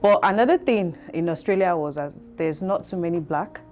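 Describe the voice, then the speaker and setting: A woman with a Nigerian accent, telling her story as an interview guest in a reflective, halting way full of fillers. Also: lowish voice, darkish tone, faint music behind. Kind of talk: conversational interview.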